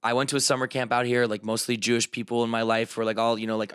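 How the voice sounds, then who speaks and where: Laughing, animated male comedian storyteller. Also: mid-range voice, rapid-fire, clear, resonant tone, dry recording, clean studio sound. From Chicago area, US. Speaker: comedian guest. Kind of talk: casual podcast chat.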